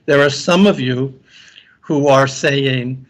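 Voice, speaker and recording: A university lecturer, here as a guest speaker, delivers an earnest conference keynote in a mid-range male voice. He takes his time, often repeating words as he restarts sentences.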